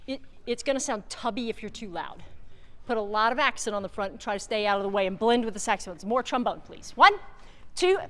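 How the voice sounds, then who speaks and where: A woman working as a band clinician, rehearsing an ensemble on a large theater stage, giving quick directions, counting off and singing syllables to show how the notes should sound. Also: medium pitch, lively intonation, sharp tone. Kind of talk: rehearsal coaching. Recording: theater reverb with faint noise.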